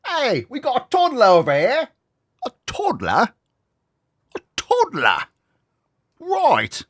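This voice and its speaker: A man's voice: wildly swooping pitch, slow, a bit bright, breathy edge, heavily acted. A man putting on an exaggerated British accent to play an incredulous, mocking bloke. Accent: British, put on. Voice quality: mocking, squeaky exaggerated pitch.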